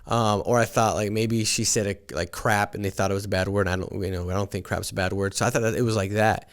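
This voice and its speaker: A man's voice: fairly low pitch, fairly even intonation, fast talker, clean tone. A man hosting a morning podcast, telling stories in an earnest motivational talk and often restarting with repeated words. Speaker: podcast host and sales team leader.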